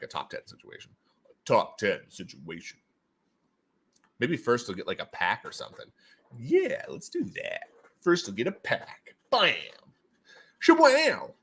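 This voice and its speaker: A man's voice: low voice, bright, forceful tone. A man hosting a casual livestream giveaway, who talks animatedly, repeats his own phrases and throws in playful sound effects. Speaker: livestream host running NFT giveaways.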